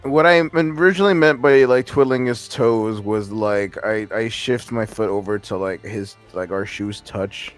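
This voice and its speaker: A man's voice: fairly low pitch, unhurried, hardly any pauses, soft background music. A man playing a tabletop game, role-playing his character's questions in a meandering way. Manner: meandering, full of fillers. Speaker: player. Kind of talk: casual tabletop role-play.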